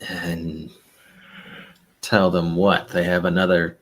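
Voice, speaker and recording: A man's voice: deep voice, monotone, slow pace. A man playing a tabletop game, answering in character with dry understatement. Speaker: player. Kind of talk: in-character role-play.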